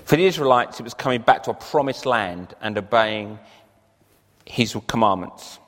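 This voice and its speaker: Male preacher, earnest sermon delivery, middle pitch, long hall reverb. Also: expressive, moderate pace, a bit bright. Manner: earnest, rising emphasis on key phrases.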